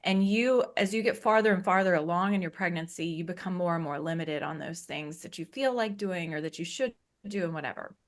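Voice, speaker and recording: Speaking a little fast in a fairly low voice, a woman appears as an interview guest and tells her own story candidly and conversationally, laughing often along the way.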